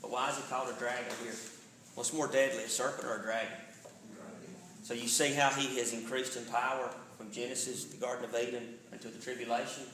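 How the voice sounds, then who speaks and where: A man's voice: mid-range voice, little pitch movement, brisk, fairly bright tone, reverberant, slight background noise, low-quality recording. A man, a pastor teaching a Bible study in a casual way, often checking in with the room. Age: 40s. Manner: conversational, checks in with "all right?". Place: church sanctuary.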